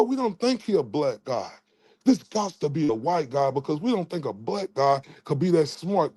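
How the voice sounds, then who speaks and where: A sarcastic, incredulous voice of doubting men, put on by a man in his own rant. It sounds a touch higher than usual and comes through dry and close, with no room sound. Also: darkish tone, slightly rough, no room sound. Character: mocking impression of incredulous men.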